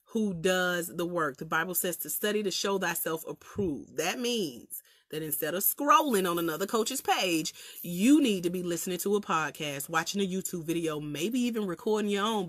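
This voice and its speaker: A woman with a country Southern accent talks straight to her livestream viewers, chatty and preacherly, laughing as she goes. Her voice is bright and forward. The sound is dry and close, with no room echo. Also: lowish voice. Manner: laughs often, colloquial. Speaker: life coach trainer.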